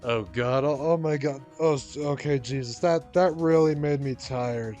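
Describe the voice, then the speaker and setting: A man's voice: mid-range voice, darkish tone. A young adult man streaming a game, groaning and muttering exasperated remarks between reading lines. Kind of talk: casual let's-play commentary.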